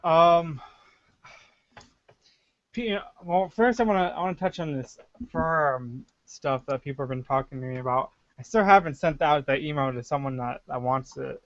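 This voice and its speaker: A man's voice: fairly high pitch, normal speed. A man speaking hesitantly in a casual voice chat. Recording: dry, dull lo-fi voice chat.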